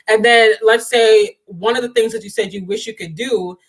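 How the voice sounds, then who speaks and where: A woman's voice: a little high, moderate pace, few pauses, breathy edge. A woman, talking straight to her viewers and laughing often. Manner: animated, laughs often, talks to viewers as y'all. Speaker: livestream host. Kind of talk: casual chat.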